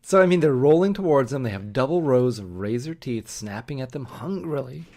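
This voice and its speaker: A man's voice: medium pitch, expressive, a little fast, a little mellow. A man chats casually as a podcast co-host, summarizing a story for his friend. His tone is joking and loose, and he laughs often. His voice sits in an ordinary middle range. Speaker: podcast co-host recapping a book. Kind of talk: casual chat.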